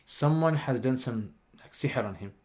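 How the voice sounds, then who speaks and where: Man, livestream host, casual storytelling, rambling delivery, mid pitch. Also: normal speed. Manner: rambling, animated retelling with many "like" and "you know" fillers. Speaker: channel host.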